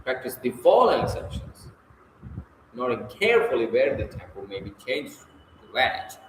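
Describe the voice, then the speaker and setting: A man's voice: medium pitch, big pitch swings, moderate pace, a little hiss or hum. A man reading and answering textbook exercises aloud, casual and correcting himself as he goes. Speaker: self-study reader. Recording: echoey room with faint ambience.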